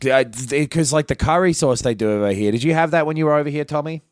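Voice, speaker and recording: A man's voice: on the high side, fast, dry recording. Laid-back, swearing man on a podcast. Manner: laid-back, swears a lot, laughs often. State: getting sick, short on sleep. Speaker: podcast co-host. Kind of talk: casual chat. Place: in the UK, away from his Melbourne home.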